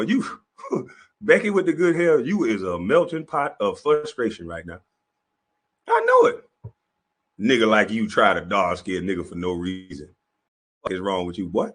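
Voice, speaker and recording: A man's voice: on the high side, sharp tone. A man delivering a profane comedic roast rant, laughing often as he goes. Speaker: commentator.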